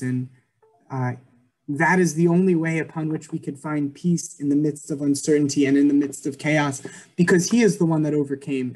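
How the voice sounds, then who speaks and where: A young man shares his faith story over a video call, sounding earnest and filling his pauses with ums and likes. His voice sits a little high for a man. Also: a little mellow. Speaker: guest speaker.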